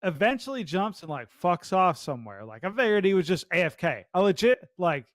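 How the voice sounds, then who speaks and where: A young man with a high voice tells a casual gaming story on a podcast, his pitch jumping around a lot. He swears freely and fills his talk with "like." The recording is dry and close. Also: big pitch swings, a little fast, no room sound. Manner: laughing, swearing storyteller with filler words. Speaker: podcast co-host.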